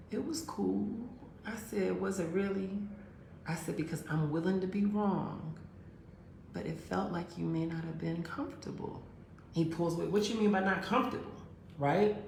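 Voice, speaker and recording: A woman tells a relationship story and gives advice directly to her listeners, calling them girls and honey and acting out both sides of the conversation. Her voice is on the low side, creaky and a little mellow. The recording has a roomy echo and a little hiss or hum.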